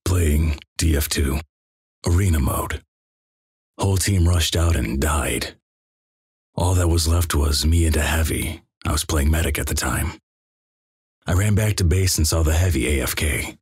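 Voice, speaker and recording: Very deep, husky man reading deadpan. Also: measured pace, long pauses, dry recording, studio quality. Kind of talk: reading a greentext story.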